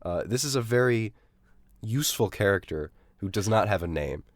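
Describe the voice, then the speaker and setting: Young dude with a low voice, dry matter-of-fact podcast recap, dead dry sound. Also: male voice, expressive, normal speed, dry recording. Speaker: podcast co-host. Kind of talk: casual chat.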